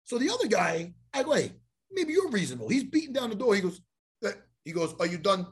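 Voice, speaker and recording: Husky man, lively swooping delivery, profane casual storyteller who plays out every exchange. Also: high-pitched, fast talker.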